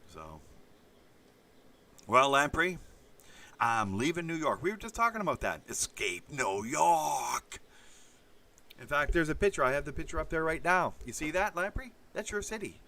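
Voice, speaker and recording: A man's voice: a little high, animated, unhurried, gravelly, long pauses, bright, forceful tone. A man hosting a casual monologue, rambling and swearing, with many fillers. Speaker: host.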